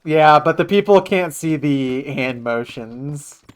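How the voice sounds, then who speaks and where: A man's voice: on the high side, expressive, slow pace, clean tone. A man streaming a game live, joking casually with his viewers. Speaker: livestreamer. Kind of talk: casual gaming livestream chat.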